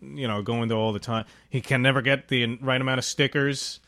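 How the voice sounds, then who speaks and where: Relaxed man chiming in on a TV chat. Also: medium pitch, brisk. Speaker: podcast co-host. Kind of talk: casual TV episode discussion.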